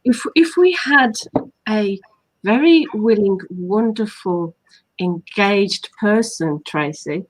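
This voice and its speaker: A woman's voice: medium pitch, lively intonation, slow pace, low-quality recording. A woman hypnotherapist from England hosting a live online talk, explaining points and listing them earnestly. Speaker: hypnotherapist host.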